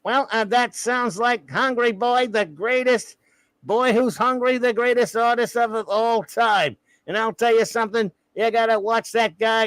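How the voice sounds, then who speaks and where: A man's voice: very high-pitched, steady tone, a little slow, a bit bright, clean tone, no echo, low-quality recording. A man co-hosting a podcast in casual chat, rambling and joking between impressions. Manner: jokey, rambling, drops into impressions. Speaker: podcast co-host.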